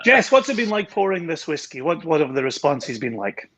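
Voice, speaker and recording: A man's voice: fairly high pitch, very animated, brisk, crowd noise. A Scottish man with a transatlantic accent, a whisky company co-founder chatting enthusiastically on a video call, with plenty of fillers and self-deprecating asides. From Scotland. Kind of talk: casual livestream chat.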